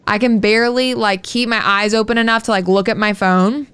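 A woman's voice: mid-range voice, a little fast, clean tone. A woman co-hosting a podcast, telling a story in casual chat with lots of swearing. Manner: animated, profane storytelling. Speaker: podcast co-host.

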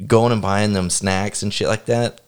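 A man's voice: fairly low pitch, steady tone, moderate pace, clear, resonant tone. A man co-hosting a podcast, telling exasperated, profane stories in casual chat. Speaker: podcast co-host.

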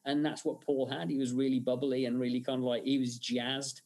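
A man speaks as an interview guest in a mid-range voice. He tells long stories, often doubling back with fillers and restarts. The feel is a relaxed, conversational podcast chat. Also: medium pitch, a little fast. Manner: rambling storyteller, frequent fillers and restarts. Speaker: guest, film director and effects artist.

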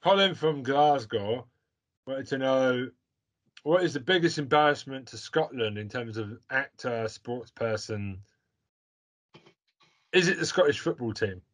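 A man's voice: medium pitch, animated, unhurried, pauses often, fairly bright tone. A man hosting a podcast in casual chat, joking around, rambling and reading out listener questions. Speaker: podcast host.

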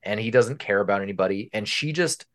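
A man's voice: on the low side, expressive, fast talker. A man co-hosting a podcast, talking casually and at length about a film, with many fillers and restarts. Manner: chatty, explains at length with fillers. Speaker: podcast co-host.

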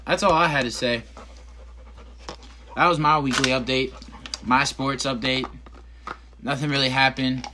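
A man's voice: medium pitch, bright, forceful tone, slight background noise. Rambling, profane male podcaster. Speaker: podcast host. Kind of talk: casual solo podcast chat. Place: his bedroom at home.

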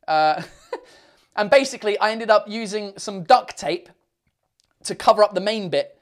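A man's voice: sits high, moderate pace. A man hosting a live stream, chatting casually and reading out viewer comments, rambling and swearing freely with a self-mocking tone. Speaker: livestream host.

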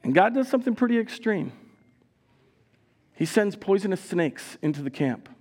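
A man preaching a sermon in a church as pastor, telling stories with animated delivery and acted-out voices. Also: high voice, normal speed. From Minnesota. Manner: animated storytelling, acting out voices, laughs.

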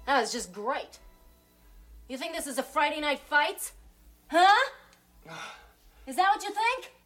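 An actress playing a scornful, nagging middle-aged wife, sneering and shrill, in a film clip. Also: female voice, big pitch swings, measured pace, fairly bright tone, faint music behind, full character voice. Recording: film clip with score behind.

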